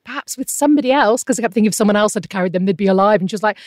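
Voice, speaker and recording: Racing through a painful personal story, this guest is a woman in her thirties with a medium-pitched voice. She speaks earnestly and emotionally, quoting others with animation, on studio-quality audio with no room sound.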